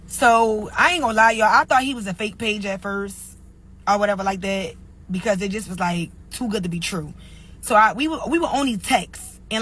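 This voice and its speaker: A young single mother tells a story casually in a clip, her chatty speech packed with "like" and "or whatever." Her voice is medium-pitched and a bit bright with a breathy edge, though the audio is poor.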